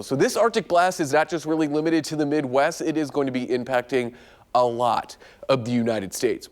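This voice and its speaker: Male TV forecaster, medium pitch, conversational and explanatory. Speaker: weather forecaster. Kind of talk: TV weather forecast.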